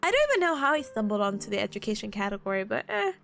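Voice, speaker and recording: A woman's voice: medium pitch, very animated, very fast, a bit bright. A young adult woman streaming and chatting casually with her viewers, rambling and laughing often between emotional asides. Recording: faint music behind the voice.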